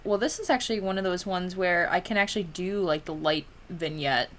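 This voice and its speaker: A woman's voice: on the low side, fairly quick, slight background noise. A tired young woman chats with her stream while editing photos at her desk. She giggles often and drifts into a Valley Girl lilt, filling her talk with "like.".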